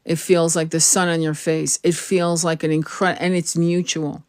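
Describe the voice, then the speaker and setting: A woman's voice: deep voice, level tone, a little slow, a little mellow, no echo, studio quality. Frank woman giving spiritual advice. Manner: earnest, frank, swears casually, repeats and restarts phrases. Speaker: tarot reader.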